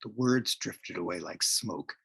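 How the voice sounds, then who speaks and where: A man reading aloud from his novel at a public reading, expressive and dramatic. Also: low voice, a little slow, gravelly, husky, no room sound. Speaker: author reading his work. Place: reading series event.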